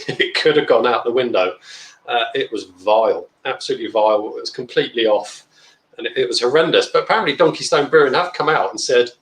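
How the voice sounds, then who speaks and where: A man's voice: mid-range voice, reverberant, low-quality recording. A man hosting a casual live beer review, chatting bluntly and reading out viewer comments. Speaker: beer review channel host. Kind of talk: casual live-stream chat.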